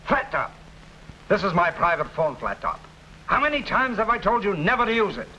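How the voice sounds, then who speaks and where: An actor playing a greedy, nervous crime syndicate boss in an early TV crime drama, blustering and pleading. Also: male voice, sits high, sing-song, moderate pace, bright, forceful tone, full character voice. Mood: irritated. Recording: dull old TV soundtrack with faint hiss.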